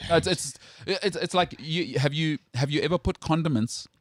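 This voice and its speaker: A man's voice: fairly high pitch, normal speed, dry recording. A South African man hosting a sports talk show, opinionated and teasing in casual studio banter.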